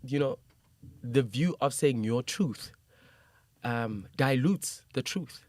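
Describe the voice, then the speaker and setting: A man's voice: mid-range voice, expressive, slow pace, background noise. A man hosting a podcast interview, talking in an earnest, reflective way and repeating points to stress them. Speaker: podcast host. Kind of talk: casual conversational interview.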